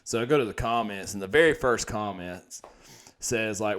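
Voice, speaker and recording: A man's voice: fairly low pitch, moderate pace, a bit bright. A man co-hosting a comedy podcast, telling rambling stories and breaking into laughter. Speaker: podcast co-host. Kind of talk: casual comedy podcast chat.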